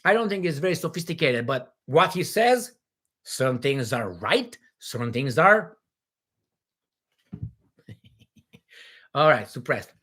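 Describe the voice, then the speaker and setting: A man from Romania, hosting a casual livestream Q&A in a rambling, animated way from home. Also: on the high side, a little slow, slightly rough. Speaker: livestream host.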